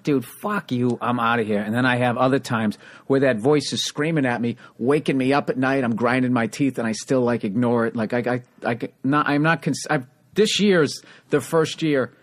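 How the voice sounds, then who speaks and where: A man's voice: medium pitch, normal speed. A man around fifty hosting a podcast, talking in a candid, chatty way and swearing casually. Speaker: podcast host. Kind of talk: casual interview chat.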